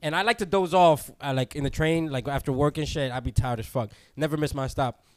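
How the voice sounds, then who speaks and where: A young man, telling a story to friends in an animated, slangy way and laughing often. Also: on the high side, brisk, no echo, studio quality. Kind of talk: casual storytelling among friends.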